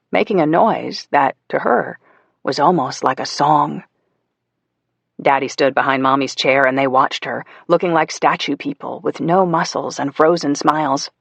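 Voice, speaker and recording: A man reads a novel aloud with measured pacing and a gravelly, creaky texture. His voice sits fairly high for a man and is recorded close and dry, with no room sound. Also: fairly bright tone, no room sound. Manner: measured storytelling with voiced characters. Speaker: audiobook narrator. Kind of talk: scripted narration.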